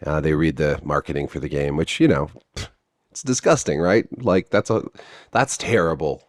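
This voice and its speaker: A man's voice: a bass voice, normal speed. A man giving blunt, profane, sarcastic commentary on video games.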